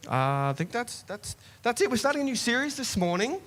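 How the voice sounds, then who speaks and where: A man giving church announcements in a relaxed, hesitant way with many fillers. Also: extremely high pitch, a little fast.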